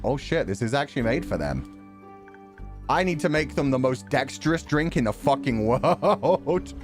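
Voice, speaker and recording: A man's voice: medium pitch, big pitch swings, moderate pace, soft background music. A man casually commentating while he streams a fantasy tavern game, swearing freely and laughing often.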